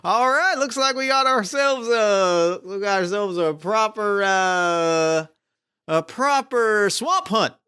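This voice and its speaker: A man's voice: high-pitched, takes it slowly, sharp tone, clean tone, voice pushed up, exaggerated voice. A man voicing a swaggering cowboy monster hunter in a tabletop game, with a folksy drawl. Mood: eager.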